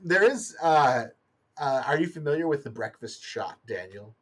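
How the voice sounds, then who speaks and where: A man's voice: medium pitch, expressive, normal speed, a bit bright, breathy edge. Giggly hesitant young male host. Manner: giggly, hesitant, lots of ums. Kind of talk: casual chat.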